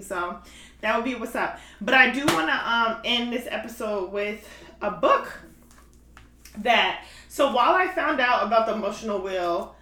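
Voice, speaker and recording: A woman with a slightly high, bright, forceful voice hosts a podcast in a loose, casual chat. Her speech is packed with "like" and "you know what I mean." The recording has a roomy echo.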